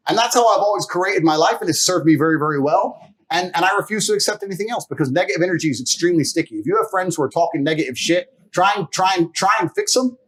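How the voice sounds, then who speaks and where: A man with a slightly high voice talks as an interview guest. His delivery is blunt and emphatic, full of swearing, as he tells stories casually. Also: animated, fast talker, fairly bright tone, husky, rough recording.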